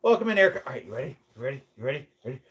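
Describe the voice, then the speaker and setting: A man's voice: mid-range voice, sing-song, rapid-fire. A man co-hosting a casual livestream at home, coaxing and baby-talking to his pets. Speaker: livestream co-host. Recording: loud background noise.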